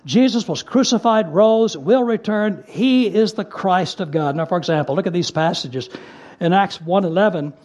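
A man preaching a sermon, earnest and emphatic, repeating key phrases and slowing down to stress scripture, with casual asides in between. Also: high voice, a little mellow. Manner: conversational asides with fillers.

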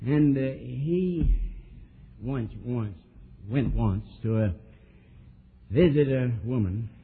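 Husky preacher man on old tape. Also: medium pitch, takes it slowly. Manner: storytelling preacher, swings from soft to emphatic. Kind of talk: sermon. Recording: old tinny lo-fi sermon tape.

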